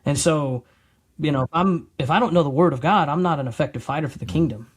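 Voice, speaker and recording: Quick-paced, with a higher voice and a breathy edge, a middle-aged man shares his testimony as a podcast guest. His telling is casual and rambling, full of restarts, and he animatedly acts out what he said.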